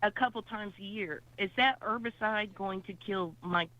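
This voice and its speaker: A woman's voice: medium pitch, normal speed. A woman calling into a radio show, exclaiming and easily amazed. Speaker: caller. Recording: dull phone-line call.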